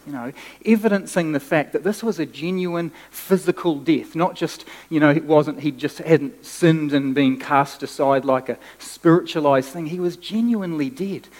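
Male pastor, sermon, lively conversational delivery, somewhat high voice, long hall reverb. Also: normal speed. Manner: animated, conversational preaching with restarts.

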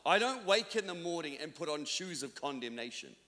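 The voice is male, a little high, sing-song, brisk, bright and forceful. He's a New Zealand pastor preaching and telling stories in a chatty, self-deprecating way, restarting often, with the long reverb of a church hall around him.

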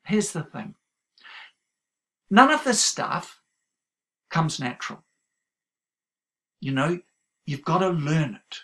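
Gravelly New preacher telling a story. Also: male voice, a little high, very animated, slow pace, long pauses, fairly bright tone. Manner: conversational storytelling, many fillers. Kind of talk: sermon.

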